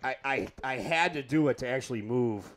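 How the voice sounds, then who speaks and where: A man's voice: mid-range voice, fairly quick, slight background noise. A man hosting a live drum chat, rambling eagerly and stumbling over his words like a fan. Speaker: host. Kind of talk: casual chat, live stream.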